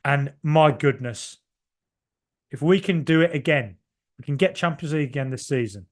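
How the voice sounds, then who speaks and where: A man's voice: on the high side, moderate pace. A man in his forties from Ireland, hosting a podcast and giving a rambling, passionate solo reaction to a football match. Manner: rambling, passionate, swings from shouting to muttering. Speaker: podcast host.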